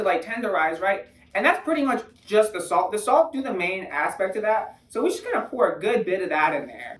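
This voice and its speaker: A woman chats her way through a home cooking video, explaining each step. She is blunt and profane and throws in mocking asides. Her pitch sits in a middle range. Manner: chatty, explaining while cooking. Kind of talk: casual cooking vlog.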